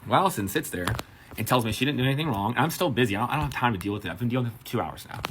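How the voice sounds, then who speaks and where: A man's voice: medium pitch, very fast, slight background noise. A man, a bartender and manager, telling a profane story-time anecdote and acting out the quotes. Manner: profane, animated retelling with acted quotes.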